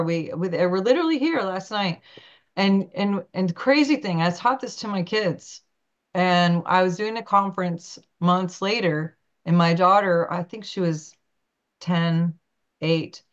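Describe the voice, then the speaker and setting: A woman with a lower speaking voice tells personal stories in an interview. She swings into animated, higher quoted voices as she acts out each scene. The audio is dull and lo-fi. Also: unhurried. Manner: animated, acts out quotes with big pitch jumps. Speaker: guest, naturopathic doctor. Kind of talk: storytelling in an interview.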